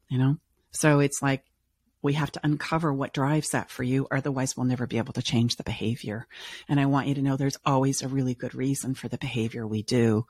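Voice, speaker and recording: Woman podcast host and coach, husky, emphatic, dry studio sound. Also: extremely low pitch, steady tone, brisk, dry recording. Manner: earnest, emphatic, acts out clients' voices. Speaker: relationship coach and show host. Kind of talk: podcast conversation.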